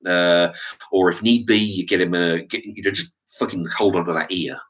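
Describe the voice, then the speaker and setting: A man's voice: low-pitched, steady tone, moderate pace, fairly bright tone, highs cut off. A man telling a story in a casual vlog monologue, swearing freely and often restarting his sentences, checking in with "right?". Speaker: vlogger.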